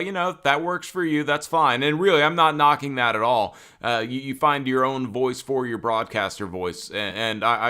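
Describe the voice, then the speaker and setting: A young man co-hosting a casual sports-broadcasting chat, talking conversationally with many fillers and getting animated when excited. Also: mid-range voice, clean tone. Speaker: co-host.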